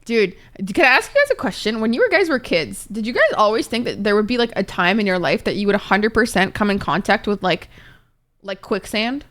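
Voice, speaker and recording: A young woman streamer chatting casually with her viewers, expressive and talkative, swearing freely. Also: on the high side. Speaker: Twitch streamer. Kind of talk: casual livestream chat with viewers.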